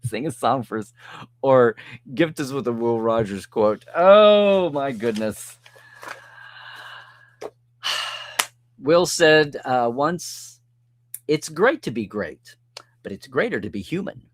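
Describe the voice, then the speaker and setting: A man's voice: medium pitch, lively intonation, slow, pauses often, dry recording. Man chatting through a live stream. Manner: chatty, reads and answers comments, chuckles often. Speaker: host reading live chat. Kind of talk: casual live-stream chat.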